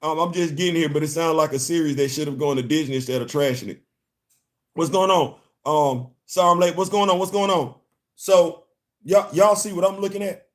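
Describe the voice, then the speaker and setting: A man's voice: on the high side, a little fast. A man hosting a casual live commentary stream on comics, repeating words and stopping to greet viewers. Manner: animated, repeats words, laughs and chats with viewers. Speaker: commentary channel host.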